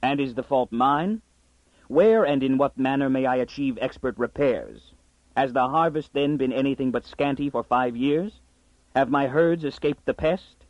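A man voicing a gruff, scheming old male farmer who blusters and puffs himself up. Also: medium pitch, normal speed, no room sound, dull audio, lightly acted. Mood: grumbling. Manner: blustering, pompous.

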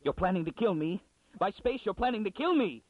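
Brief: jittery, paranoid librarian, read by a man, pitch leaping wildly, thin phone-like sound. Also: huge pitch swings, normal speed, no room sound. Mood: panicked. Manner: hesitant, breaking into high shrieks. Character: nervous male librarian, frantic and paranoid. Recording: dry, phone-like narrow sound.

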